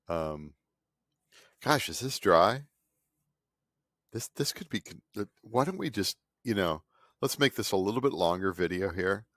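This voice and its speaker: A man's voice: low-pitched, expressive, takes it slowly, pauses often, fairly bright tone, dry recording, clean studio sound. A man in his fifties, an artist vlogger, talking in a cranky, sarcastic, rambling way and mocking other people. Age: 50s. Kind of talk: casual rambling monologue. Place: home studio.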